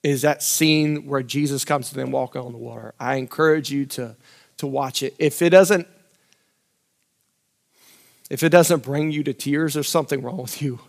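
A man preaching a sermon, swinging between loud, urgent lines and quiet, close asides, and repeating phrases for emphasis. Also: mid-range voice, moderate pace, creaky, pauses often.

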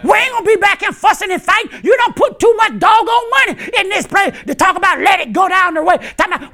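A pastor preaching an impassioned, colloquial sermon, shouting in bursts and chuckling between points. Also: male voice, extremely high pitch, lively intonation, quick pace, few pauses. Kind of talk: fiery sermon.

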